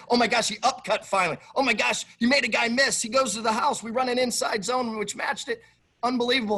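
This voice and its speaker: Emphatic husky football coach, man. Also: sits high. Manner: emphatic, animated, repeats himself. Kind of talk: press conference answers.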